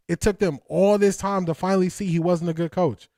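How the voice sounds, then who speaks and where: A man's voice: sits high, fairly even intonation, brisk, dark tone, no echo, clean studio sound. A man hosting a football breakdown livestream, talking energetically and emphatically, repeating lines and laughing often. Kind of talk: casual livestream commentary.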